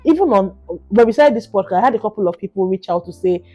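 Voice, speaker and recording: A Nigerian woman co-hosting a podcast in casual chat, talking quickly and repeating herself as she gets going. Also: medium pitch, expressive, darkish tone. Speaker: podcast co-host.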